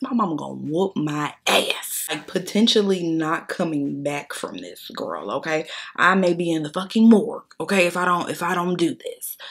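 A young adult beauty vlogger with a lowish, slightly rough voice tells her viewers a story while doing her makeup. She's blunt, profane, and chatty, calling her audience "y'all."

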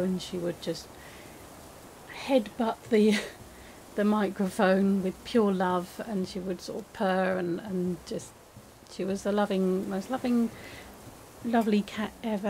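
A woman chatting casually while playing a game, with many restarts and a soft, hesitant way of talking. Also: medium pitch, a little hiss or hum, low-quality recording. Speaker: gaming video creator. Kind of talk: casual gameplay commentary.

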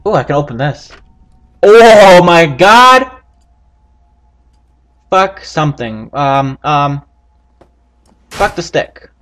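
A man giving profane, excitable let's play commentary, yelping and laughing at the game. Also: on the high side, unhurried, pauses often. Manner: profane, excitable, yelps and laughs while playing. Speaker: gaming channel host.

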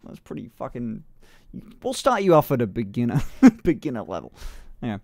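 A man's voice: medium pitch, huge pitch swings, moderate pace, creaky, a little mellow, no echo, clean studio sound. A young man streaming live in casual chat, swearing freely, laughing often and testing out voices. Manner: swears freely, laughs a lot, playful voice experiments.

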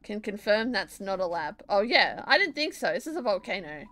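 A young Australian woman streams from home, talking loosely and giggling as she answers her chat. Her voice sits in a middle pitch, and she rambles happily between a game and a drawing. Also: very animated, normal speed, fairly bright tone. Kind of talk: casual live-stream chat while gaming and drawing.

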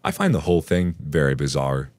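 A man narrating a forum relationship story aloud in a wry, animated storytelling manner. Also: very deep voice, brisk, no echo. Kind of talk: scripted narration of a forum post.

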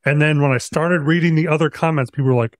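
A man's voice: fairly high pitch, fast talker, dry recording, clean studio sound. A man hosting a podcast, chatting casually, rambling and swearing as he tells a story. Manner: rambling, profane, with restarts. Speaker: podcast host.

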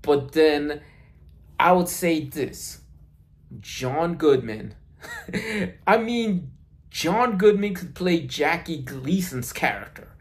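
Slow, rambling man musing aloud. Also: fairly high pitch, sing-song. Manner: rambling, many restarts and fillers. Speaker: video blogger. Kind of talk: unscripted solo commentary. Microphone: phone mic.

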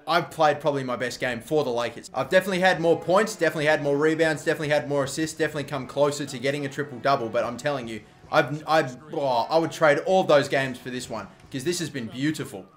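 A man hosting a gaming video, giving excitable live commentary while he plays and swearing often at the game. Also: medium pitch, brisk.

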